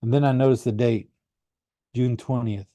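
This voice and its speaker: A man reading a first-person story aloud in an earnest, animated way. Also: medium pitch, moderate pace, dry recording. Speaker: audiobook reader. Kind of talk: first-person audiobook narration.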